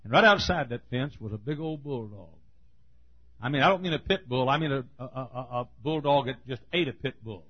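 A man preaching a sermon, telling a folksy story and building to emphatic, forceful points. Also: medium pitch, fairly quick, slightly rough, highs cut off.

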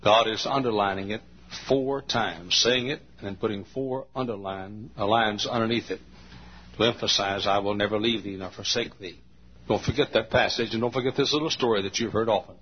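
A longtime pastor preaching a sermon in a large church, telling a story in a folksy, slow and emphatic way. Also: male voice, fairly low pitch, a little hiss or hum. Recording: dull lo-fi church recording.

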